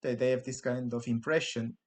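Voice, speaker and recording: A man's voice: medium pitch, steady tone, fairly quick, a little mellow. A man with an Italian accent, co-hosting a podcast in casual, rambling chat full of restarts and laughs. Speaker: podcast co-host.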